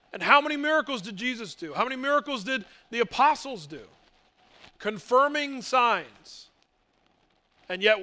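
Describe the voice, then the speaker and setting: High, bright-voiced male preacher. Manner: emphatic, rhetorical questions, mock voices for doubters. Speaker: pastor. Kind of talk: sermon.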